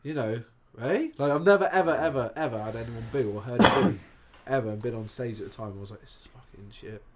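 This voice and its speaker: A man's voice: mid-range voice, quick pace, a loud crowd. Sweary storytelling English man. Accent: Bristol English. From England. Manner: sweary, animated, acts out quoted voices. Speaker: DJ guest. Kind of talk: casual chat, storytelling anecdote.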